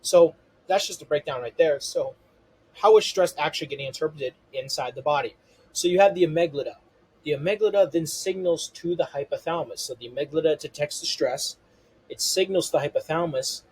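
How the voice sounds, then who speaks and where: A man's voice: fairly high pitch, a little fast, darkish tone, husky, low-quality recording. A man explaining a health topic to viewers as a coach, step by step, with "okay" and "you know" as constant fillers. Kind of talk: explanatory health lesson to camera.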